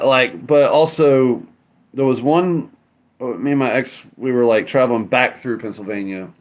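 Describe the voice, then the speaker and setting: A man with a somewhat low voice spins a long, wandering story for his livestream viewers. He talks loosely, with plenty of swearing and many asides. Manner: rambling, profane, loose and conversational. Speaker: livestream host. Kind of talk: casual storytelling to a live chat.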